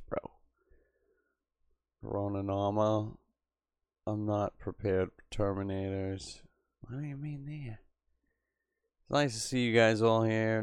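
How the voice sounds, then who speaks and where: A man hosts a livestream, talking crude and sarcastic, peppering everything with "bro". His low voice has a gravelly edge but stays smooth, and the sound is close and dry. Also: a little mellow, no echo. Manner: crude, riffing, sarcastic, says "bro" a lot. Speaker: livestream host reading chat. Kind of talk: profane casual livestream chat. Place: Boston area.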